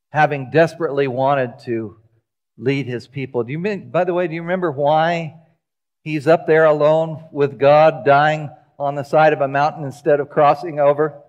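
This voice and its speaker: A man preaching a sermon in a church, telling the story with lively acted-out voices. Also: fairly high pitch, lo-fi sound. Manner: animated storytelling, acting out quoted voices. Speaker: pastor. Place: church sanctuary.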